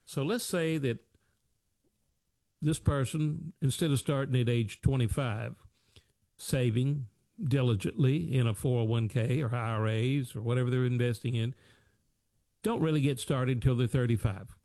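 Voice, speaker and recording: A man's voice: mid-range voice, normal speed, mellow, no room sound, clean studio sound. An American man hosting a financial advice talk show, talking in a folksy, repetitive way with old sayings and rhetorical questions. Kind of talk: radio-style talk show monologue.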